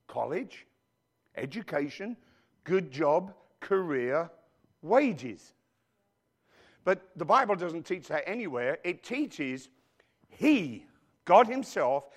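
A male pastor preaching a sermon in a church, who keeps calling out to the congregation with questions as he goes. He grew up outside the United States. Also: on the high side. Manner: preachy call-and-response with the congregation.

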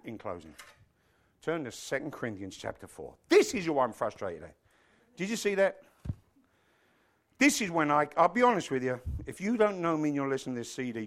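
A man's voice: a little high, a bit bright. A male pastor preaching a sermon in an impassioned, emphatic way, breaking off into self-deprecating asides.

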